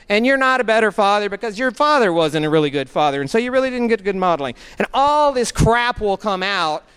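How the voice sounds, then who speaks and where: Man giving a motivational talk. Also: smooth. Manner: storytelling, acts out his own inner voice; slows down and lowers his voice for emphasis. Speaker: motivational speaker. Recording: long hall reverb.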